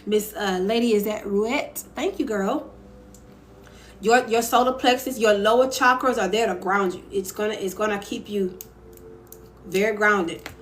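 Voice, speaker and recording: A young woman talks straight to her live-stream viewers from home, candid and emphatic as she gives advice. Her voice sits at a middle pitch for a woman. A faint hum of background noise runs under her phone recording. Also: unhurried. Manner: candid, emphatic, reads viewer comments aloud.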